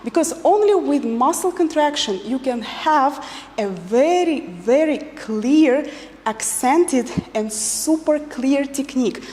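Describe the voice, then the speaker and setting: Dance teacher lady, high voice, slow and patient, counts out loud, echoey hall. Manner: patient, counts beats aloud while demonstrating. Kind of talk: instructional dance lesson.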